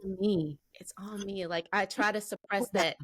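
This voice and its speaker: A woman hosting a podcast, offering frequent short affirmations and telling stories with lively voiced quotes. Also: mid-range voice, normal speed, no echo, studio quality. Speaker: podcast host. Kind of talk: podcast interview.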